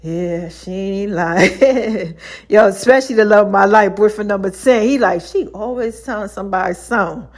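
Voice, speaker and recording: A woman's voice: medium pitch, normal speed. A woman hosting her own podcast, telling personal stories in a loose, chatty way, laughing often and acting out other people's lines. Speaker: podcast host. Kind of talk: casual storytelling monologue.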